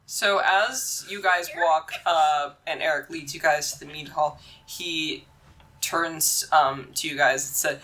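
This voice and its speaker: A woman running a tabletop game as game master, narrating casually with frequent pauses and fillers. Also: low-pitched, fairly even intonation, sharp tone. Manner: casual, halting, with many fillers while narrating.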